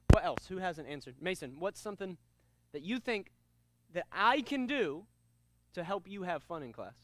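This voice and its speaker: High-voiced, commanding male karate instructor. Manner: commanding call-and-response drills; energetic and upbeat. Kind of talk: teaching a kids' martial arts class.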